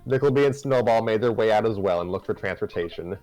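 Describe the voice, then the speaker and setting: A man with a lowish voice reads a story aloud for a live group, easygoing and conversational. He stumbles and corrects himself as he goes. Soft music plays behind him. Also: fast talker, low-quality recording. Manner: conversational narration with self-corrections. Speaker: story reader and host.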